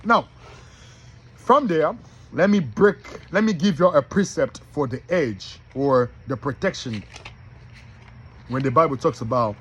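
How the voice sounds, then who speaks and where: A man's voice: a little high, lively intonation, unhurried, long pauses, fairly bright tone, breathy edge. A man giving an informal, emphatic sermon, reading scripture aloud and repeating his points straight to his listeners. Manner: emphatic, repetitive, addresses listeners directly. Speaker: preacher.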